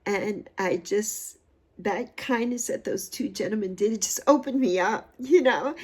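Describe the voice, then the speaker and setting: A woman in her sixties hosts a livestream, speaking a little slowly in a mid-range voice that is a little mellow and slightly rough. It's a heartfelt, casual chat: she is effusive and still emotional, repeating phrases for emphasis.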